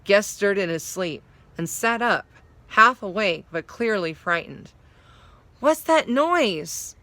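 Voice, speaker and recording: A woman's voice: mid-range voice, a little slow, bright, forceful tone, dry recording. A woman reading a story aloud, now and then explaining a word. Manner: explains hard words while reading. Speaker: story reader.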